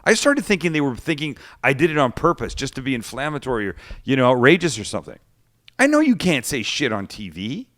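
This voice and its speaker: A man hosting a cooking show tells stories in casual chat, animatedly acting out the people he quotes. His voice is mid-range and his pace quick.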